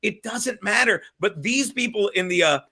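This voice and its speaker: Rambling high-voiced bright man. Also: lively intonation, husky. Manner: rambling, profane, halting restarts. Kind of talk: casual podcast chat.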